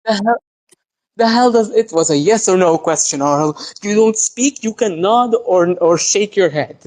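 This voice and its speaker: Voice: mid-range voice, animated, a little slow, a little mellow. A player in a tabletop game who chats casually, laughs often and swears freely while describing their character's actions. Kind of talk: casual tabletop role-play chat.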